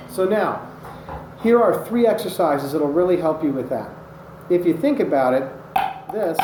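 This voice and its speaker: A man teaching drumming technique, patient and methodical, calling out strokes as he demonstrates them. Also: fairly high pitch. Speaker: drum instructor. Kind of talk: instructional demonstration. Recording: echoey room with loud noise. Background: drumming on a practice surface.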